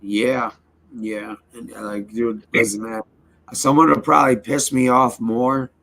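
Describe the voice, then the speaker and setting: A man's voice: medium pitch, fairly even intonation, measured pace, gravelly, pushed and bright, a little hiss or hum. A young man in casual podcast chat, telling a rambling, profane story and often checking in with "right?".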